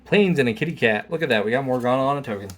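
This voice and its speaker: A man's voice: medium pitch, expressive, rapid-fire, a little hiss or hum. A man hosting a casual card-opening video, reading card text aloud and dropping wry jokes between pulls. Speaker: channel host.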